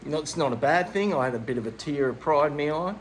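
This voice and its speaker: A middle-aged Australian man co-hosts a podcast, spinning a long comic yarn full of crude slang and laughter. His voice sits on the high side and is expressive, moving at a quick pace over a slight hiss or hum. It's casual comedic storytelling.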